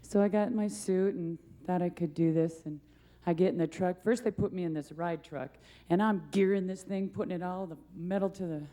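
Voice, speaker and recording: A woman's voice: fairly low pitch, fairly even intonation, moderate pace, warm tone. A young woman, a monster truck driver, giving a rambling, laughing award acceptance speech full of self-deprecating stories.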